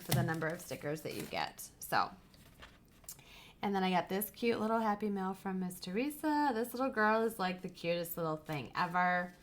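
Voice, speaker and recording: A woman's voice: lowish voice, background noise. A woman hosting a casual crafting livestream, gushing over stickers and sometimes dropping to a whisper. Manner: gushing, drops to whispers over cute items. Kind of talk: casual live chat, unboxing happy mail.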